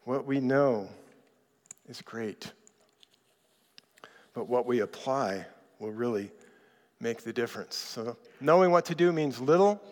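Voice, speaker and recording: A man's voice: medium pitch, a little slow, long pauses. Conversational male pastor in an echoing hall. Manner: conversational and animated, acting out quotes. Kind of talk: sermon. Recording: reverberant hall.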